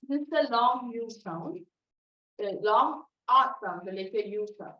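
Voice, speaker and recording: Brief: female phonics teacher, fairly high voice, emphatic repetition, heard from afar in a roomy space. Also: animated. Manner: repeats sounds slowly and emphatically, asks "right?" often. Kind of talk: online phonics lesson. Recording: echoey, distant, dull lo-fi.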